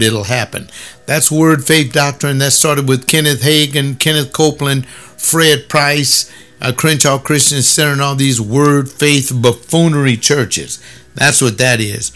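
A man giving preachy, scornful commentary on a video, mixing quick asides with slow, heavily stressed words. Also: a little high, fairly bright tone.

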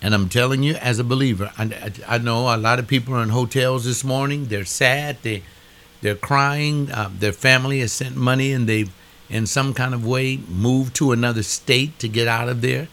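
A man's voice: medium pitch, steady tone, moderate pace, fairly bright tone. An older man delivering a preaching monologue, emphatic, repeating phrases with a rising preacher's cadence.

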